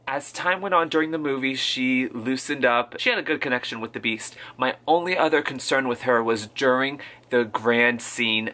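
A man's voice: mid-range voice, normal speed, few pauses, pushed and bright. A man giving a casual movie reaction on his vlog, gushing, campy and freely swearing. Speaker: video blogger. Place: at home.

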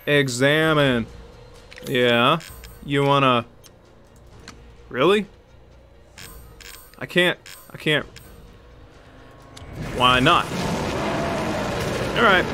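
A man giving chatty, excitable let's play commentary, yelping and laughing while he talks to the enemy on screen. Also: on the high side, background noise. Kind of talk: live gameplay commentary.

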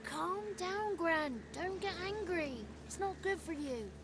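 A woman's voice: very high voice, slow, noisy background, heavily acted. A woman voicing a small grey godling boy who is chatty, cheeky and kind. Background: game music.

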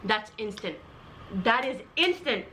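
A woman's voice: a little high, expressive, measured pace, noisy background. A young woman co-hosting a casual home vlog, bantering and teasing playfully at a table. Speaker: vlogger co-host.

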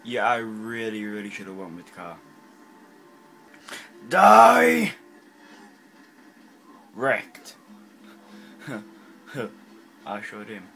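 A man giving casual gameplay commentary in an excitable, self-mocking way, reacting quickly to what happens on screen. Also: on the low side, soft background music. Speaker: gaming channel host.

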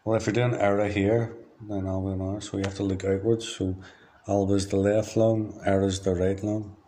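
A man from Ireland speaks in a low, monotone voice, rambling through a diary-style monologue. He free-associates, sliding from one word to the next in a flat, matter-of-fact delivery. A faint hum of noise sits behind him. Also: moderate pace. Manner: free-associating, drifts between words. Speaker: diarist.

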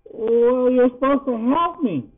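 A man's voice: very high voice, takes it slowly, slightly rough, voice pushed up, full character voice. A man voicing a small, timid young female mouse who pleads in a small voice. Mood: frightened. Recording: tinny phone-like sound.

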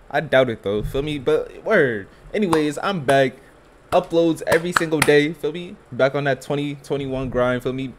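A man's voice: on the high side, slight background noise. A young man hosting a YouTube reaction video, talking casually in heavy slang with blunt, scornful remarks. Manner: slangy, keeps tagging lines with "feel me".

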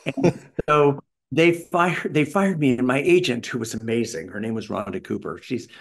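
Middle-aged Canadian man, gravelly, lively anecdotal interview guest. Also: medium pitch, normal speed. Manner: animated, does voices of people in his stories. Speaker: voice actor guest.

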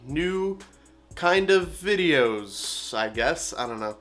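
A man's voice: fairly high pitch, expressive, unhurried, a bit bright. A man casually chatting to camera at his desk while reviewing a coffee, rambling and swearing offhand. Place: at a desk with a monitor, indoors. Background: faint background music.

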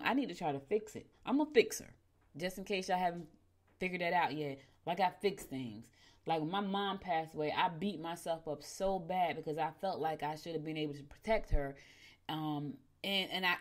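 A middle-aged woman hosting a morning show. She tells stories casually, often calls her listeners "y'all," and her voice jumps suddenly in pitch and loudness. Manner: chatty, addresses listeners as "y'all". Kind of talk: casual storytelling and horoscope reading.

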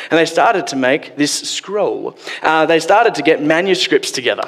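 A man's voice: on the high side, lively intonation, moderate pace, fairly bright tone. A man preaching a sermon in a church, casual and joking, acting out quotes as he goes. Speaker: pastor. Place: church hall. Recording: long hall reverb.

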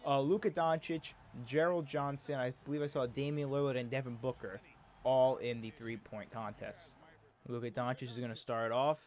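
A man's voice: mid-range voice, fairly even intonation, normal speed, a little mellow. Man grumbling through gameplay commentary. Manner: exasperated, complaining aloud at the game. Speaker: video game commentator.

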